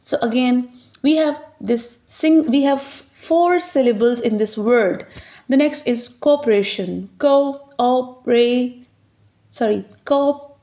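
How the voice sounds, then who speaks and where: A woman teaching English pronunciation, explaining step by step and slowly sounding out each word. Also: on the high side, dark tone. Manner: slows down to sound out words clearly. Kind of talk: slow, deliberate teaching explanation. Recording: slightly dull, lo-fi sound.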